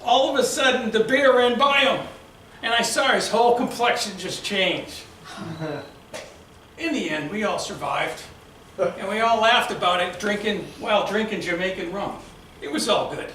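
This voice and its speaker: A man with a Boston accent giving a prepared storytelling speech at a club meeting, a lively storyteller who acts out shouted quotes. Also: high voice, normal speed, a little hiss or hum. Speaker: club speaker. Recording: echoey room from far off.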